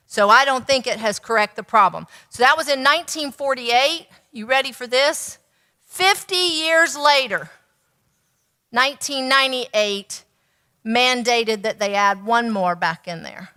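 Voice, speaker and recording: A woman's voice: a little high, unhurried, pushed and bright, long reverb tail. A woman nutritionist giving a teaching talk, telling stories and asking the audience rhetorical questions.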